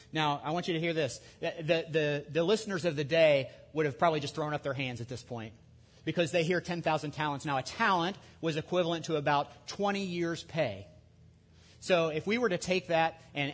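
A man preaching a sermon in a conversational way, with lively asides and restarts. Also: fairly high pitch. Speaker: pastor.

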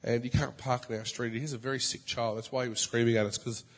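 Animated preacher in a reverberant hall. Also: male voice, fast talker. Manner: animated, swings from loud high exclamations to soft low asides. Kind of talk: storytelling sermon. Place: church. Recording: long reverb of a large hall.

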